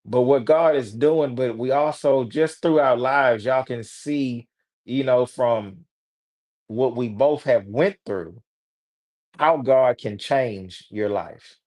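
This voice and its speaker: A man's voice: medium pitch, a little mellow. A man with a Houston, Texas accent, a guest author giving an earnest testimony of faith over a video call. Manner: earnest, slow, preachy encouragement. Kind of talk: testimony in casual chat. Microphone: streamed video call.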